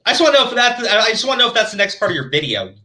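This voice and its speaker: A man rants in a fired-up commentary, swearing at almost every turn. His voice sits high and leaps all over the place. It rings very bright and sharp. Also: very animated, racing. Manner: angry, swearing, ranting. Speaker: commentary channel host. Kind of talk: profane reaction commentary.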